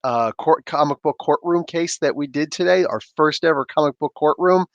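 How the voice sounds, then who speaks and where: A man hosting a casual livestream, reading chat aloud and chatting in an animated way with frequent laughter. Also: on the high side, normal speed, no room sound, highs cut off. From Canada. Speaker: livestream host.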